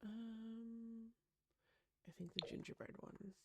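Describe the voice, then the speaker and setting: A woman's voice: on the high side, fairly even intonation, slow pace, vocal fry, a bit bright, slight background noise. A woman chatting casually with lots of gasps and "um"s as she builds a room in a life-sim game. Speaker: Sims builder. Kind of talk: casual gameplay commentary.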